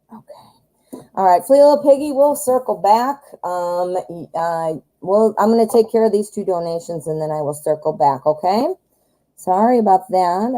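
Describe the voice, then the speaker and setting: American lady doing live tarot readings, kinda hoarse, low mellow voice, chatty. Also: rough recording. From United States. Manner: chatty, talks directly to viewers. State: voice going hoarse. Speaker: tarot reader host.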